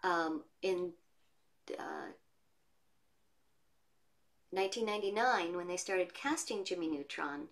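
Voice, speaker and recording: A woman voice actress chatting as an interview guest from her home studio, telling stories in a lively way. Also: on the low side, takes it slowly, pauses often. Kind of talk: casual interview chat.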